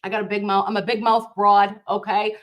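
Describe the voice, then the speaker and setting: A woman's voice: medium pitch, little pitch movement, fairly quick, lo-fi sound. A woman nurse hosting a casual livestream, reacting to viewer comments in a blunt, fiery and profane way, openly passionate and outraged.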